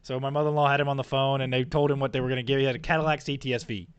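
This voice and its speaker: A man's voice: mid-range voice, steady tone, racing, smooth, highs cut off. A man co-hosting a podcast, telling jokes and mocking stories in casual banter. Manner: joking, mocking storyteller. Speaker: co-host.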